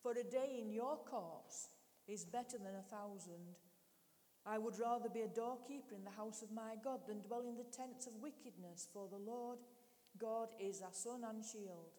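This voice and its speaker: A woman reads scripture aloud in a measured, deliberate way, her voice mellow and slightly high. The sound rings with a long reverb from a church hall. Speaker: scripture reader.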